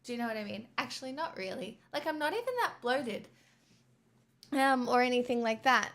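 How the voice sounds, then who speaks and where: High-voiced Australian woman vlogging. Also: fairly quick, fairly bright tone. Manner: chatty, swears freely, mock-dramatic outbursts. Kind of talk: casual chat to camera.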